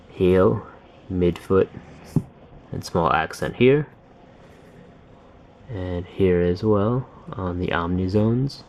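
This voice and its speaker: A man's voice: sits low, slight background noise. A man giving a casual sneaker review at home, thinking aloud with lots of uh and um. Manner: relaxed, thinking aloud with many fillers.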